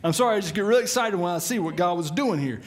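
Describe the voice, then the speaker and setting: A middle-aged man preaching a sermon as pastor, telling the story with lively put-on voices and chuckles. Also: high voice, rapid-fire, background noise. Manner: animated storytelling, acts out voices with laughs.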